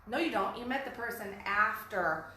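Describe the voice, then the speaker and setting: A middle-aged woman co-hosting a casual talk about relationships, telling animated stories and acting out the people she quotes. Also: a little high, moderate pace. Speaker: podcast co-host. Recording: very echoey room, faint background noise.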